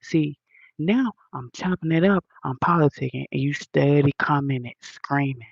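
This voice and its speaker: A woman's voice: deep voice, normal speed, creaky, breathy edge, no echo, lo-fi sound. A woman hosting a livestream, answering comments in a blunt, profane, preachy rant full of slang.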